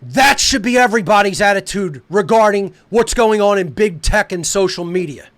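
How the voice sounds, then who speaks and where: High-voiced man ranting in fury. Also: expressive, moderate pace. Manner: profane, shouting tirade with repeated insults. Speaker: podcast host. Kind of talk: angry ranting monologue.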